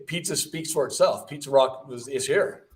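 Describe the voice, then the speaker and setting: A man's voice: medium pitch, normal speed, distant mic. Chatty man, a bit off-mic. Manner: upbeat, chatty and enthusiastic. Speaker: mortgage lender and co-host. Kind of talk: casual livestream chat.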